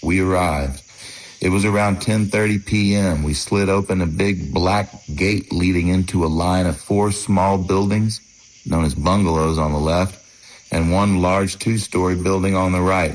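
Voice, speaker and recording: A man narrating a first-person memoir in a measured, matter-of-fact way, in short phrases. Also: deep voice, low-quality recording.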